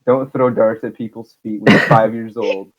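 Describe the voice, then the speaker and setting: A man's voice: fairly low pitch, fairly even intonation, normal speed, crowd noise. A teenage man hosting a casual podcast with friends, rambling and jokey as he wraps things up. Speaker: podcast host. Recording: dull lo-fi sound.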